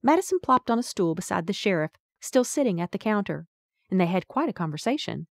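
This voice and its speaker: A woman's voice: medium pitch, very animated, fairly quick, gravelly, no echo, studio quality. A woman narrating a first-person audiobook in a wry, folksy storytelling manner.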